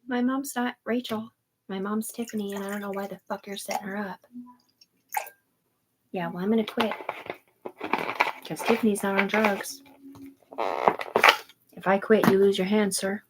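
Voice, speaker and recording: A woman's voice: medium pitch, steady tone, normal speed, pauses often, very noisy. A woman hosting a livestream from home, ranting in an angry, profane, rambling way. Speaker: livestream host. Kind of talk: live-stream rant.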